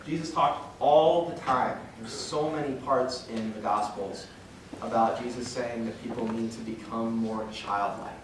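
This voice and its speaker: A man's voice: medium pitch, a little slow. A young man giving an earnest, emotional faith talk to a church group, rambling with restarts and chuckles. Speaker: guest speaker at a parish talk. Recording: very echoey hall from far off, noisy.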